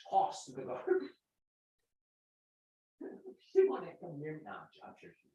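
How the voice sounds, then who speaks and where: Comedian guy hurting from a broken collarbone, rambly and sweary, lively pitch, echoey far-off room. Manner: rambling, profane, laughing through pain. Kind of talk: casual comedy podcast chat. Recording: echoey, distant, dull sound.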